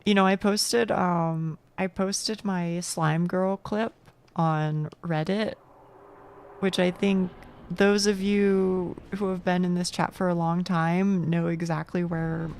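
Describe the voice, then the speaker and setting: Gravelly, low-voiced woman streaming a game. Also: fairly even intonation, slow, a little mellow, slight background noise. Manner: swears freely, talks to chat, self-mocking. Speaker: VTuber streamer. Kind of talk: casual gaming stream chat.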